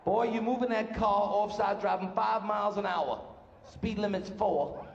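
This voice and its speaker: A man putting on the voice of a huge, bossy Southern highway patrolman in a slow, bullying drawl. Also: gravelly, dull audio. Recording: roomy live hall with faint noise.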